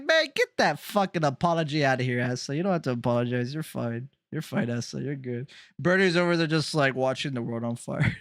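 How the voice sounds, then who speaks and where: A man's voice: fairly high pitch, moderate pace, fairly bright tone, no room sound, studio quality. A man chatting casually on a live game stream, teasing viewers, laughing often and swearing freely.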